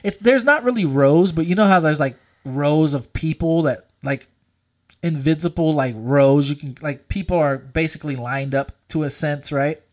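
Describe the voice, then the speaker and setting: A man telling a story in casual chat, animated and profane, full of likes and dudes. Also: on the high side, normal speed.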